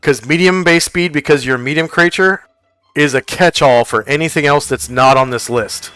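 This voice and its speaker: Bright, clear-voiced male game master. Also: a little high, no echo, faint music behind. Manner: casual, halting, full of fillers. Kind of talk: narrating a tabletop game and explaining rules.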